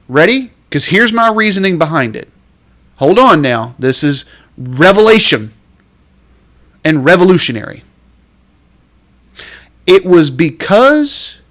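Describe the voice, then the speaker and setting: A fairly high-voiced man hosts a podcast and vents with real exasperation, his pitch jumping around a lot. He stretches out the words he stresses for emphasis. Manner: lively, drawn-out stresses on key words. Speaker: realtor and podcast host. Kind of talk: podcast rant.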